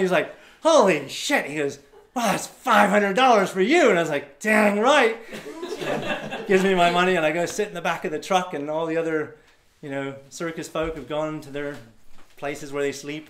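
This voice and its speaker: A man's voice: on the high side, fairly bright tone. A man telling a personal story to a live audience, acting out the voices of others and laughing often. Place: event hall before a live audience.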